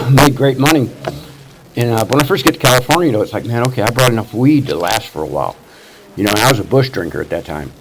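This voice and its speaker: A man's voice: mid-range voice, animated, fast talker. A man in his sixties from Missouri, telling his life story at a recovery meeting in a rambling, profane way, full of "you know" fillers. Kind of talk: casual storytelling testimony. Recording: loud background noise.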